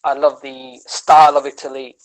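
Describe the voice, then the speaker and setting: A man, a comedian guesting on a podcast, telling animated, rambling stories in casual chat and tagging his lines with "man" and "right?". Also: mid-range voice, normal speed, poor audio. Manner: animated storytelling, rambling with many restarts.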